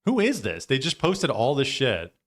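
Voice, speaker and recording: A man's voice: medium pitch, wildly swooping pitch, moderate pace. A man hosting a live stream, giving loose, profane reaction commentary with frequent laughs.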